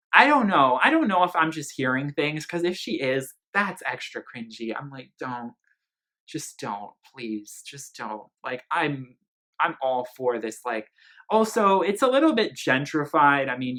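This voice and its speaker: A man's voice: medium pitch, sharp tone. A man from Philadelphia giving a casual, gossipy album review, full of "like" and "girl". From Philadelphia, Pennsylvania. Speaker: music reviewer.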